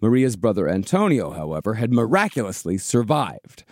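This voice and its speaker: A man hosting a podcast, narrating a historical disaster in a measured, storytelling way with casual swearing. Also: fairly low pitch, big pitch swings, no echo, clean studio sound. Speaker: podcast host.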